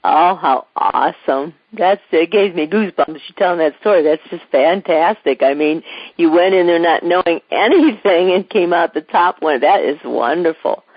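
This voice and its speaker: A radio host with a husky voice, enthusiastic and encouraging toward the guest. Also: medium pitch, moderate pace, dry recording. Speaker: interview host. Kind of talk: conversational interview. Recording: dry, muffled radio broadcast.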